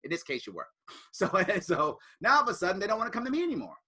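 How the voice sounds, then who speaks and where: A man from the United States talks casually to a student group, his voice bright and forward and his pitch swinging widely. He is animated, jumping into other people's voices when he tells a story, with a slightly higher pitch than most men. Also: fast, slightly rough. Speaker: political speaker.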